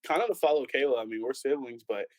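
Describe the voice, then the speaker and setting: A man's voice: mid-range voice, quick pace, no room sound, rough recording. A young man and pastor's son telling stories in a casual panel chat, acting out the people he quotes. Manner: animated storyteller, acts out quoted voices.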